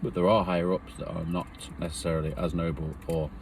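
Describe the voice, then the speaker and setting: Deep-voiced man telling a story. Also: level tone, fairly quick, gravelly, background noise. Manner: earnest, rambling, emotional retelling. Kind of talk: personal storytelling.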